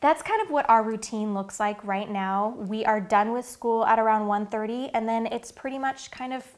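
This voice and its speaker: Speaking at a moderate pace in a slightly high voice, a mom who vlogs chats to camera about her family's daily routine. She's in her thirties, earnest and full of fillers, and she's getting emotional, nearly in tears.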